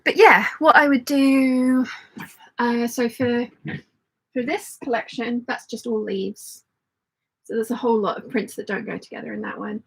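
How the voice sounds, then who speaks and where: A woman's voice: on the high side, gravelly, breathy edge, rough recording. A woman hosting a casual sewing live stream, chatting and rambling as she thinks aloud and answering viewer comments. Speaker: sewing channel host.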